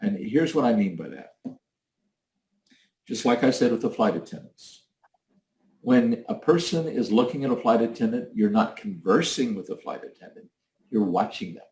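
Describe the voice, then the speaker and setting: A man's voice: mid-range voice, animated, moderate pace, long pauses, a little mellow. A man giving a leadership training talk, coaching emphatically and acting out different tones of voice. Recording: echoey room.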